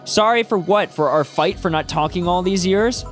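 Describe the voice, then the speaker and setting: A bitter, guilt-ridden bartender woman, voiced by a man reading her lines aloud from a game. The voice sits a little high, brooding and hard on herself, with soft game music playing underneath. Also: normal speed, natural voice.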